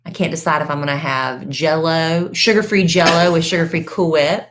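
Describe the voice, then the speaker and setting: A woman's voice: low-pitched, steady tone, normal speed, a bit bright, a little hiss or hum. A woman co-hosting a podcast, chatting casually in a folksy way and calling people "honey" and "y'all.". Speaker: podcast co-host. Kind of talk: casual chat.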